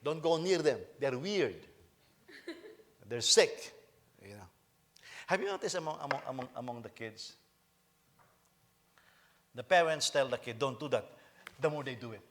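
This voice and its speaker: A man's voice: mid-range voice, a little slow, pauses often. A middle-aged man, preaching a sermon as senior pastor, joking with the congregation and often repeating and restarting his phrases. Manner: animated, joking with the congregation, frequent repetitions and restarts.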